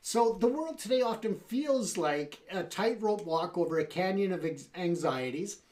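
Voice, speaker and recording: A man's voice: sits high, animated, moderate pace, a little mellow. A man hosting a talk show, talking in a loose, conversational way. He drops in fillers and asides to his audience, and the delivery feels unscripted. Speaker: show host. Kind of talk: casual talk show monologue.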